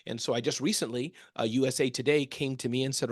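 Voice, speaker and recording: Upbeat man, higher voice, dry sound. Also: fast, hardly any pauses, no echo. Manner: animated, acts out quotes. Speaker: guest, small business speaker. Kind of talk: casual interview chat.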